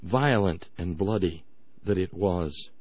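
A man's voice: low-pitched, slow pace, no room sound, muffled recording. A man hosting a radio talk show, giving sarcastic, emphatic commentary with frequent restarts.

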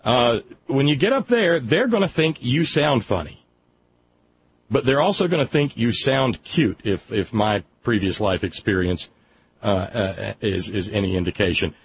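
With a lowish voice and lively intonation at normal speed, a Southern man hosts a casual radio call-in show, rambling wryly and restarting many times. A little hiss or hum sits under the slightly muffled broadcast.

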